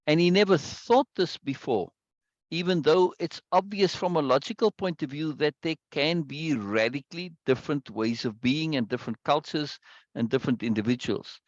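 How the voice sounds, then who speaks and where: A man's voice: mid-range voice, no echo, lo-fi sound. A man leading a book discussion, explaining passages aloud and often stopping to ask "right?", with restarts and repeated words.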